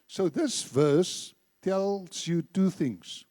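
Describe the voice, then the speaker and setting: A man's voice: high-pitched, very slow, mellow, no room sound. A man preaching a sermon in a church, emphatic, repeating phrases and leading the congregation in reciting scripture. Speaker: church speaker.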